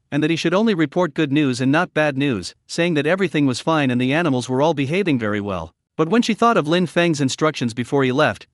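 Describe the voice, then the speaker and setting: A man's voice: a little high, dry recording, clean studio sound. A man narrating a recap of a comic story in a scripted reading style, voicing each character's lines in his own voice.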